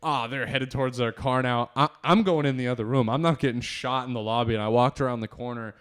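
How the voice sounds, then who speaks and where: A man's voice: medium pitch, steady tone, fast talker, fairly bright tone, smooth. Podcast host, a man, laughing through stories. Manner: loose, laughing storyteller who acts out dialogue. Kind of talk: casual podcast storytelling.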